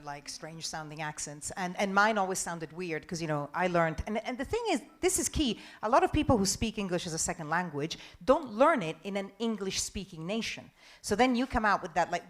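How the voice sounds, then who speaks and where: Frank middle-aged woman from Denmark. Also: lowish voice. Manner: frank, chatty, emphatic. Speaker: panel speaker. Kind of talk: festival panel answering audience questions.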